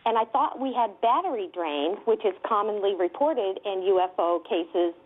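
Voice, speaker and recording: A woman investigator telling a story with excitement, laughing often and using many fillers. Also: medium pitch, normal speed, slightly rough. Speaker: guest UFO investigator. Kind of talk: animated storytelling. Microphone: telephone. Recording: tinny phone line.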